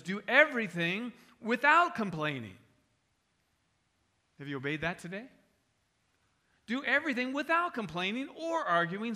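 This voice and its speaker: Middle-aged male pastor, emphatic sermon delivery, bright forceful tone. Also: high-pitched. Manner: emphatic preaching with rhetorical questions to the congregation.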